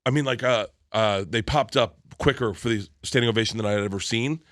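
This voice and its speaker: A man's voice: on the low side, brisk, no echo. Comedian guy rambling through stories, lots of restarts, dry close sound. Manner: rambling, animated storyteller with restarts. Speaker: comedian guest. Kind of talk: casual interview storytelling.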